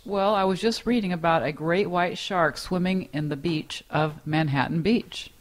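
A man's voice: sits high, normal speed. A man co-hosting a podcast who chimes in casually and keeps the host on track. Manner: brief interjections, prompting the host. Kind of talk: casual chat.

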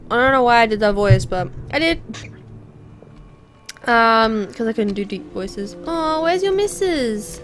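High-voiced chatty woman gamer. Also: animated, measured pace, soft background music. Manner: chatty, rambling, talks to herself. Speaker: let's play gamer. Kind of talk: casual gameplay commentary.

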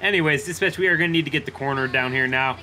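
A man's voice: medium pitch, very fast, pushed and bright. A young man giving casual gameplay commentary, narrating his moves and talking to dispatch in police lingo. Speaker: gaming YouTuber playing a police officer. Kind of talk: casual gameplay commentary with in-character radio talk. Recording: clear game noise behind the voice.

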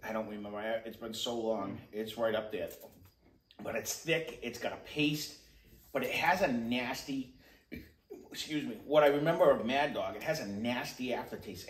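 A man's voice: mid-range voice, expressive, measured pace, echoey room, distant mic, low-quality recording. A man tasting and reviewing hot sauces in casual chat, his mouth burning, often restarting and repeating words as he searches for them. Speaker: food reviewer.

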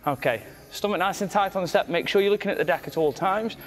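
Here a man with a high voice talks fast as he coaches a cardiac rehab exercise circuit. Slightly winded, he calls out short counted cues, and faint music plays in the background.

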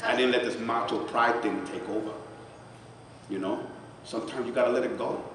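A man's voice: mid-range voice, steady tone, normal speed, fairly bright tone. A middle-aged man giving a heartfelt, conversational personal testimony at a charity celebration, sometimes choking up. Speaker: guest speaker at a charity celebration. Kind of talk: emotional personal testimony speech. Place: large event hall. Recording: echoey hall, distant mic, background noise.

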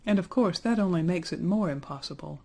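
A woman voicing a brave, modest young man in a storybook reading, speaking softly and earnestly. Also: lowish voice, brisk, creaky.

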